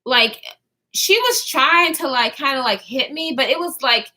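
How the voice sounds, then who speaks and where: A young woman vlogger telling a storytime in a casual, animated way, laughing often, swearing, and acting out the people she quotes. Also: sits high, unhurried. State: out of breath at times. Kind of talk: storytime vlog.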